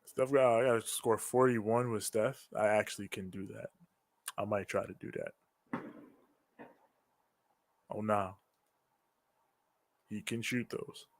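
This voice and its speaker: A man's voice: lowish voice, little pitch movement, slow, long pauses, dry recording. A man co-hosting a live wrestling reaction stream in casual chat, rambling, swearing freely and laughing often at home. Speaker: co-host of a wrestling reaction show.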